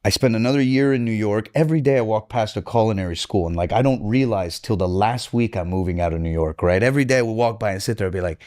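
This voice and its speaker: A young man from Miami with a Cuban-American accent, telling a story in an animated way, switching into Spanish mid-sentence and acting out the voices of the people in it. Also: medium pitch. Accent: Miami Cuban-American English with Spanish code-switching. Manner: profane, excitable, fast bursts. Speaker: podcast guest.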